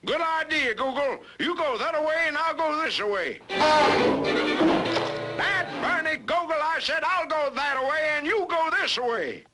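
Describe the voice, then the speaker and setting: A man's voice: very high voice, expressive, unhurried, music in the background. A man playing a cranky, hungry hillbilly husband with a drawl in an old radio comedy. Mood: grumpy. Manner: gruff, cantankerous drawl.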